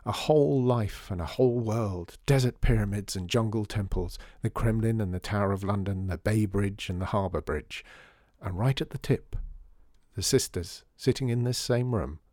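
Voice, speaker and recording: A man reading a children's story aloud, calm and measured. His voice is fairly low and mellow, and the close-miked, dry recording keeps it intimate. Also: no echo. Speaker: narrator. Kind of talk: storybook narration.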